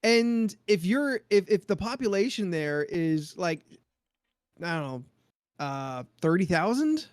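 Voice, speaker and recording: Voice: mid-range voice, sing-song, slow pace, no room sound. Wry podcast co-host, dry sound. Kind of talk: casual chat.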